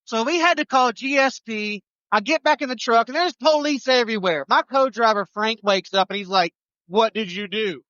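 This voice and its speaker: A man, a trucker co-host telling a road story on a live show, animated and restarting his sentences. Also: very high-pitched, fairly quick, hardly any pauses, no room sound, dull audio.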